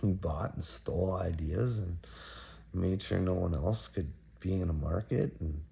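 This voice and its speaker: A man's voice: low-pitched, measured pace, gravelly, warm tone. A man delivering a taunting, preachy rant straight at a viewer, repeating his questions. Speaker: commentator reacting to a clip. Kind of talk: ranting monologue to a viewer.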